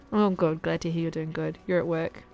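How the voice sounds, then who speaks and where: A woman's voice: low voice, little pitch movement, normal speed, creaky, darkish tone, poor audio. Chatty laughing woman streamer. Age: adult parent. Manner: chatty, laughs often, trails off mid-sentence. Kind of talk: casual gameplay chat with viewers.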